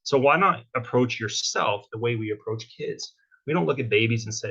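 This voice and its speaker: A man's voice: medium pitch, normal speed, bright, forceful tone, slightly rough. A man giving a casual motivational talk as a workshop guest speaker, checking in with tag questions like "right?" and "okay?". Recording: dull lo-fi sound.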